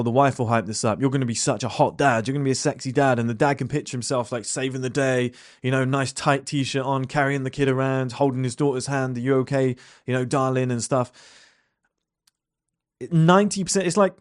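A man's voice: medium pitch, no echo, clean studio sound. A young man talking bluntly at his desk, swearing and rambling with lots of fillers and rhetorical questions. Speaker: entrepreneur talking to camera. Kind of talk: casual monologue.

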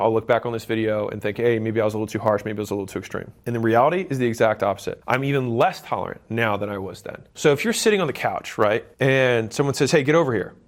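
A man talking straight to camera in a self-help video, blunt and emphatic, with occasional swearing, acting out conversations with relatives. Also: mid-range voice. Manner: blunt and emphatic, swears, acts out quoted dialogue. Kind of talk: direct-to-camera motivational talk.

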